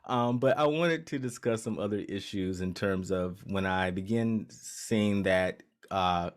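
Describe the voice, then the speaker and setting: A man's voice: low-pitched, a little slow. A man co-hosting a casual chat podcast, talking loosely with many ums and restarts. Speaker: podcast co-host.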